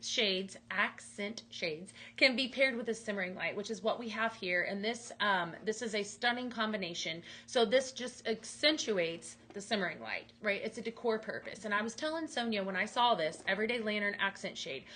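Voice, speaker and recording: A woman's voice: medium pitch, expressive, normal speed, hardly any pauses, bright, forceful tone, a little hiss or hum. A woman hosting a live home-goods sales stream, upbeat and enthusiastic as she demonstrates products. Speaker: livestream sales host. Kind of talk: live product demo chat.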